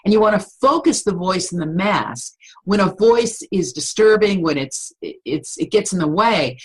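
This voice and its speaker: A middle-aged woman voice coach explaining vocal tips in a podcast interview, with an animated, instructive storytelling manner. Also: on the low side, normal speed, husky, poor audio.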